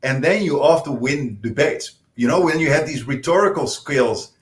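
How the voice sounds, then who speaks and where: A man's voice: fairly high pitch, lively intonation, moderate pace. A male panel guest in a political discussion, explaining his points earnestly with many hesitant restarts. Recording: echoey room.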